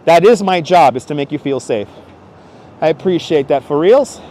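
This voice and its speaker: Chatty high-voiced man streaming outdoors. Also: expressive, normal speed, a little mellow. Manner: chatty, joking, greets viewers by name. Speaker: live-streamer. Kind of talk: casual live-stream chat. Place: outdoors on city streets. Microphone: wireless clip-on mic.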